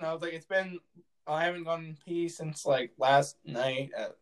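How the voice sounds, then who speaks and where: A man's voice: fairly high pitch, measured pace. A young man telling a rambling story in casual chat, laughing often and full of fillers and restarts.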